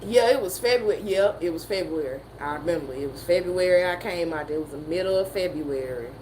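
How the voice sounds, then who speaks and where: A woman with a Southern American accent, telling a story in a profane, animated way and laughing often. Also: lowish voice, quick pace, slight background noise, low-quality recording. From Southern United States. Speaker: motivational streamer. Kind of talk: casual storytelling chat.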